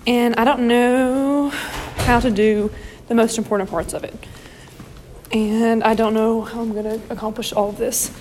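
A woman's voice: a little high, steady tone, moderate pace, darkish tone, a little hiss or hum. Rambling young woman vlogging in a car. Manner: chatty, rambling, many fillers and "like"s. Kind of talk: casual diary vlog.

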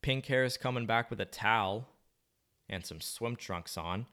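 A man's voice: lowish voice, a little slow, sharp tone. A young man rambling casually to the camera, musing in a slangy, laid-back way with plenty of swearing.

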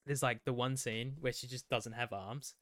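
A man's voice: mid-range voice, steady tone, moderate pace, a bit bright, no room sound. A man co-hosting a podcast, rambling and swearing casually as he retells TV scenes. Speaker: podcast co-host. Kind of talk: casual chat.

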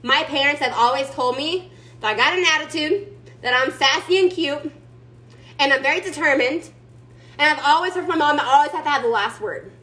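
A woman's voice: sits high, fairly quick, sharp tone, rough recording. A woman giving her team a chatty, emphatic motivational pep talk over a video call, sassy and calling everyone y'all. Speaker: team leader speaking to her sales team.

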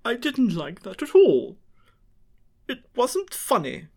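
A woman's voice: huge pitch swings, takes it slowly, mellow, husky, exaggerated voice. A woman voicing a fussy, easily frightened man, scolding and frantic in an audiobook reading. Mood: indignant. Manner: frantic, scolding, high-strung.

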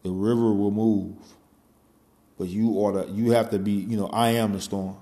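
A man's voice: lowish voice, level tone, normal speed, mellow, echoey room. A man in his forties talking casually and at length, rambling with lots of fillers and loose swearing. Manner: rambling, peppered with "you know" and "man", swears freely. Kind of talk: casual conversational monologue.

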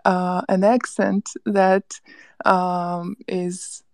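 A woman's voice: on the low side, flat delivery, extremely slow, a little mellow, dry recording. A woman from central Ukraine, a Russian speaker, talking casually in an online discussion with thoughtful, laughing asides. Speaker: panel guest.

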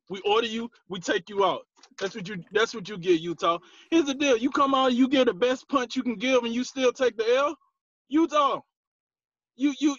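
A man's voice: high voice, fairly bright tone, no echo, muffled recording. A man co-hosting a sports podcast, trash-talking teams in a playful, slangy way. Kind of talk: joking sports chat.

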